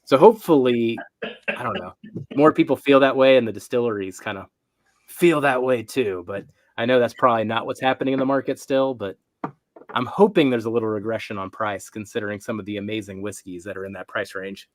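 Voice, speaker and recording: A man's voice: mid-range voice, brisk. A man hosting a casual live chat, asking questions and musing aloud. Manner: conversational, asks guests questions. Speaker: host.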